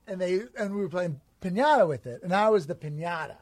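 A man co-hosting a comedy podcast, telling an absurd tall tale in a rambling deadpan way and acting out quotes. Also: high voice, fairly quick, dry recording. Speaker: podcast co-host.

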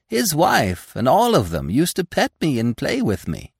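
A man's voice: on the high side, huge pitch swings, unhurried, vocal fry, husky, no echo, clean studio sound, voice pushed up, heavily acted. A man voicing a proud, boastful young deer boasting of his winter among people. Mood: superior. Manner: boastful, superior.

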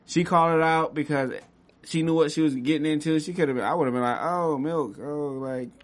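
A man's voice: on the high side, steady tone, fast talker. A man on a studio chat panel, speaking casually and playfully and slipping into voice imitations.

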